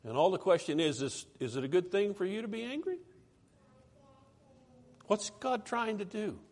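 A man preaching a sermon in a conversational, animated way, reading scripture aloud with rising emphasis. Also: sits high, moderate pace.

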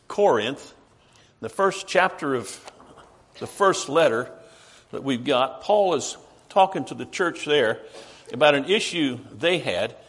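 A man preaching a sermon emphatically, asking rhetorical questions and slowing down for stress. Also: medium pitch, breathy edge.

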